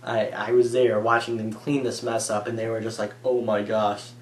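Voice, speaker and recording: A man's voice: on the low side, flat delivery, a little fast, a little hiss or hum. A young man casually telling stories to the camera, rambling and saying "like" a lot. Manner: rambling, filler-heavy, says "like" a lot. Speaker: vlogger. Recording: echoey room.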